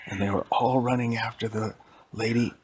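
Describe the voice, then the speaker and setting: A man's voice: lowish voice, normal speed, slight background noise. A man improvising a bedtime story at home, rambling and correcting himself as he goes. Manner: rambling, self-correcting, animated. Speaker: parent telling a bedtime story.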